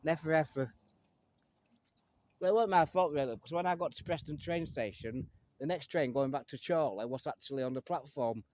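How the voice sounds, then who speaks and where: A man's voice: a little high, brisk, a little mellow, no echo. A man from England chatting and joking to the camera as he walks through town streets. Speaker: vlogger. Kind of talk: casual walking vlog narration.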